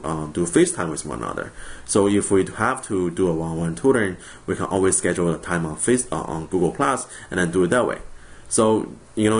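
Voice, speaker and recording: A young man from China, introducing himself to his class in a recorded video in a friendly, joking way with frequent ums. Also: deep voice. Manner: friendly, jokey, frequent ums and self-corrections. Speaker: college instructor.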